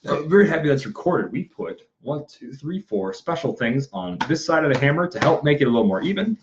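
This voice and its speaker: Speaking a little fast in a fairly high, sing-song voice, a young man chats on a livestream while crafting a prop in his indoor workshop. He jokes at his own expense and mutters and whispers to himself, and the audio is muffled, with faint noise.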